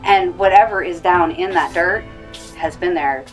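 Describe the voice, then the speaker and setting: A woman's voice: fairly low pitch, normal speed, distant mic, faint music behind, poor audio. A woman explaining what she finds in the soil and objects to the homeowner, in a documentary conversation.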